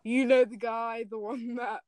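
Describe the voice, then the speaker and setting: A woman's voice: on the high side, little pitch movement, measured pace, darkish tone, no echo. A young woman hosting a casual chat, reading fan fiction aloud with melodramatic flair and joking between lines. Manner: reads melodramatically, breaks into laughter and jokes.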